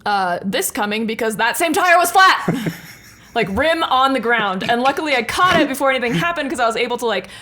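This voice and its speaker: A woman's voice: fairly high pitch, expressive, a little fast, sharp tone, a little hiss or hum. Rambling, laughing young woman co-host. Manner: rambling, laughs often, self-mocking. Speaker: podcast co-host. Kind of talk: casual storytelling chat.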